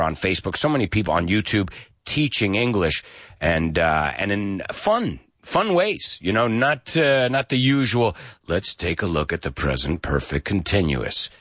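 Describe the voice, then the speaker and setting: Animated man hosting an English lesson. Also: fairly low pitch, dry recording, clean studio sound. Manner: animated, spells words slowly letter by letter. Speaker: English teacher and show host. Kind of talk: lively radio-style English lesson.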